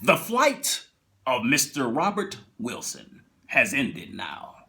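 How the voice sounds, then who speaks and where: A man doing an impression of a solemn male TV anthology narrator, speaking slowly and dramatically. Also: medium pitch, wildly swooping pitch, sharp tone, voice pushed down, full character voice. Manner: slow, measured, dramatic delivery.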